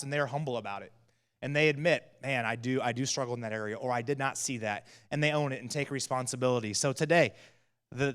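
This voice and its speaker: Casual pastor preaching in a reverberant hall. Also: male voice, fairly high pitch, a bit bright, clear, resonant tone. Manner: conversational, casual storytelling with frequent fillers. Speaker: teaching pastor. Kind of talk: sermon. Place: church hall. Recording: long church hall reverb.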